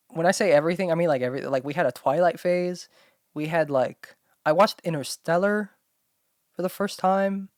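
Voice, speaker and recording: A woman's voice: low-pitched, no room sound, studio quality. A young woman hosting her own chat show, rambling with constant fillers and talking bluntly with plenty of swearing. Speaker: solo podcast host. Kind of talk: casual talking-to-camera chat.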